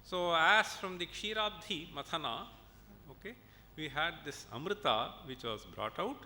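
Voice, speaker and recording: An Indian man gives a conference lecture as a professor, working through examples patiently and pausing to check that listeners follow. His voice is very bright and a little high. He is recorded in a reverberant hall with a faint low rumble underneath. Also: animated. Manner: explains step by step, checks in with "okay?" and "right?".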